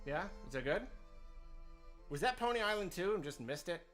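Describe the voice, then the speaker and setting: Sing-song and high, this man's fairly bright voice keeps a moderate pace as he sorts out his desk microphone mid-stream. Flustered, he apologizes casually and laughs self-deprecatingly, with awards-show music faintly audible from a TV.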